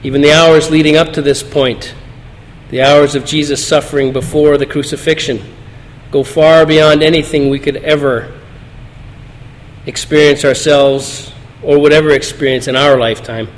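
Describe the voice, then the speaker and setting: A man reading scripture aloud and preaching a sermon in a church, in an earnest, measured way. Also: a little high, flat delivery. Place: church sanctuary. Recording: long hall reverb.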